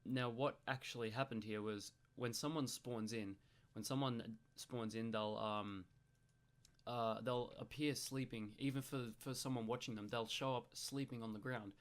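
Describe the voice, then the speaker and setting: A young man with an Australian accent talks through gameplay footage in a casual, rambling way. He explains patiently and keeps restarting his sentences with ums. His pitch sits in an ordinary middle range. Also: fairly even intonation, normal speed. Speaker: gaming YouTuber.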